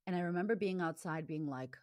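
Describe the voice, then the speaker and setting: A woman's voice: fairly low pitch, no echo, clean studio sound. A middle-aged woman, a confidence coach, telling her life story in a candid, emphatic conversational way. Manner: emphatic, quick bursts, animated when quoting herself.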